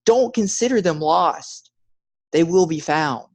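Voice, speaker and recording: A man giving an emphatic motivational talk, urging listeners in a repetitive, preacher-like way and dropping to a hush when he tells a story. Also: a little high, animated, slow, a little hiss or hum. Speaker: motivational speaker.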